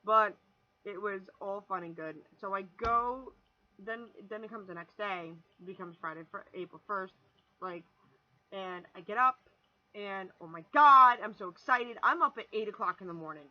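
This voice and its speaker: A young woman in her twenties tells a long story to her camera, animated and rambling, restarting sentences and swearing freely. Her voice is very bright and forward, at a middling pitch. The recording sounds dull and lo-fi, like a home video. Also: moderate pace. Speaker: vlogger. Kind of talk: casual storytelling vlog.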